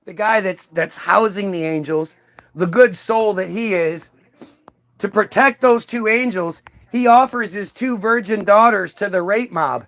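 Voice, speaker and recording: A man with a very high voice delivers a stand-up rant, profane and mocking. He bursts into quick character voices to poke fun. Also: a bit bright. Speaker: comedian.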